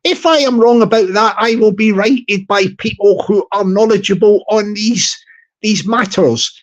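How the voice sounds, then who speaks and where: A man's voice: sits high, unhurried, dull audio. A man hosting a vlog, talking in a rambling, jokey comic monologue with lots of repetition. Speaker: channel host.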